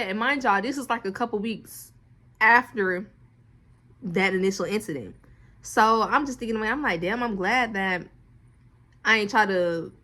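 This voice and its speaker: Animated young woman telling a story. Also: a little high. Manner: animated, swears a lot, acts out quotes. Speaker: vlogger. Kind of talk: casual storytime.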